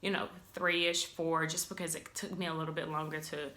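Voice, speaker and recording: A young woman vlogging casually, retelling a personal story in a chatty, animated way and acting out quotes. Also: low-pitched, normal speed.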